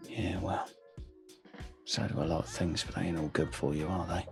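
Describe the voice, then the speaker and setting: Gravelly man playing a tabletop character. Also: sits low, flat delivery, normal speed, over music. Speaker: player. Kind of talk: in-character tabletop role-play.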